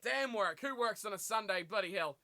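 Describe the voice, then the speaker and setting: A man commentating live on a rugby match for his stream, animated and full of rhetorical questions, reading viewer chat aloud and answering it. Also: sits high, moderate pace, gravelly.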